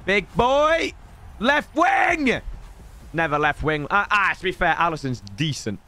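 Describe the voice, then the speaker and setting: A young man streams a pack opening, his slightly hoarse, high voice moving a little slowly. He's excitable, swinging between shouting and grumbling.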